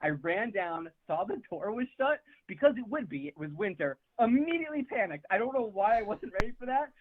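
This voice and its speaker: Very animated and a bit fast, a young man with a high-pitched voice calls in to tell a rambling, profane story, laughing as he goes. The phone line sounds tinny and dry, with no echo.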